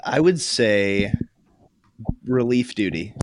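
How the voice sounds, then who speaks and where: A man's voice: lowish voice, expressive, takes it slowly, a little hiss or hum. A man filling in as quizmaster on a trivia podcast, modest and a little hesitant as he reads out questions. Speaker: guest quizmaster. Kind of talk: casual chat, reading trivia questions.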